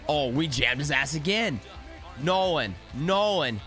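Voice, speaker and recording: A young man giving excited live commentary while playing a baseball video game, talking to his players on screen. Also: on the high side, a little slow, soft background music. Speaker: gaming YouTuber.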